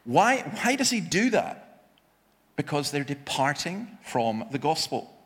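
Male preacher, fairly high voice, very lively delivery with wry humor, long hall reverb. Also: slow. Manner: emphatic, self-deprecating humor, frequent restarts. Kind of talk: sermon with personal anecdotes.

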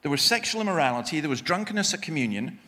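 Animated male preacher in an echoey hall. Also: fairly high pitch, very fast. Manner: emphatic, self-deprecating humor, frequent restarts. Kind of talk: sermon with personal anecdotes.

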